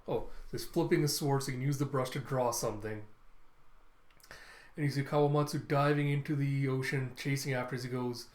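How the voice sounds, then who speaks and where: A man casually recapping a comic chapter for a reaction video, excitable and acting out the lines as he goes. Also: mid-range voice, a little fast. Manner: excitable, acts out the dialogue. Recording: roomy echo.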